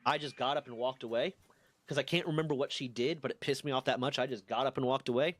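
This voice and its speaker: A man's voice: medium pitch, steady tone, fast talker, fairly bright tone, no room sound. A man in his twenties casually telling a rambling, profane story on a stream. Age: 20s.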